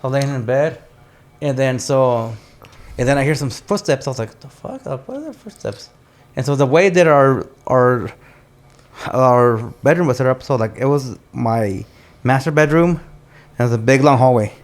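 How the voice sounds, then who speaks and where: A man's voice: mid-range voice, normal speed. A man on a podcast telling a story with animation, cursing freely and slipping in Spanish words. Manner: animated storyteller, swears often, says "dude" and "bro". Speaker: podcast host. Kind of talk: casual chat, storytelling.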